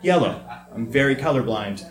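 A man's voice: mid-range voice, expressive, moderate pace, echoey room. A man telling a comic family story on stage before a live audience, acting out family voices.

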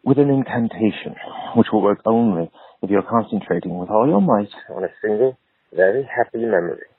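Lupin, a man doing a calm wizard teacher. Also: on the low side, slightly rough, dry recording. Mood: explaining. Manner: calm, measured explaining. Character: kind, patient male wizard teacher. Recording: tinny phone line.

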